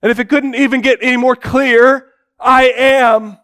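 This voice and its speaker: A man preaching a dramatic sermon in church, swinging between loud declarations and hushed, low passages. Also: flat delivery, a little fast. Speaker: pastor.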